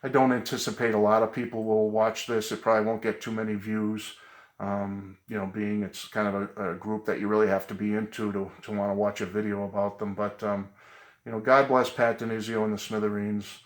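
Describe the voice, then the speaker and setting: A middle-aged man vlogs casually from the music room in his home, earnestly paying tribute as he talks to his viewers. His voice sits on the low side with a level tone and a slightly fast pace, sounding reverberant. He rambles a bit and drops plenty of ums and uhs.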